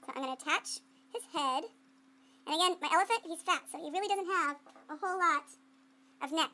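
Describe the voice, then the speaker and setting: High-pitched woman art teacher doing a clay demo, chatty and playful, mutters to herself while she works. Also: fairly quick, bright, forceful tone. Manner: call-and-response with students. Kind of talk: classroom demonstration.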